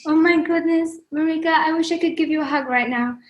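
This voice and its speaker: A woman's voice: sits high, fairly quick, lo-fi sound. A woman musician as guest in a casual live video-call chat, talking in an effusive, gushing way that often turns emotional.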